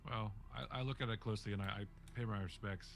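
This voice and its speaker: A man playing a tabletop game, describing his character's actions in a deliberate, earnest way. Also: on the low side, steady tone, vocal fry, fairly bright tone, slight background noise. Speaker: player. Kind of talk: tabletop role-play.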